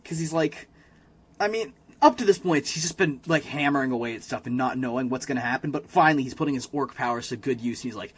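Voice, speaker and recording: A man's voice: medium pitch, quick pace, breathy edge. A man co-hosting a podcast, casually recapping a cartoon episode and acting out the characters' lines in an exaggerated way, with plenty of swearing. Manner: recaps scenes with exaggerated quoted voices, profane. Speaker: podcast co-host.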